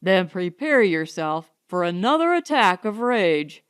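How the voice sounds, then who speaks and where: Woman narrator doing impulsive young lover; ardent plea, a touch high. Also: very animated, unhurried, fairly bright tone, clean tone, exaggerated voice. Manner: ardent, pleading. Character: earnest young man in love, impulsive.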